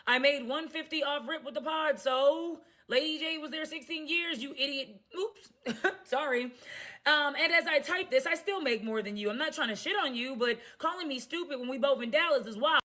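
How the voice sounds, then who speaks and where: A woman content creator venting defiantly in a casual monologue, sharp-tongued and laughing often. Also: sits high, normal speed.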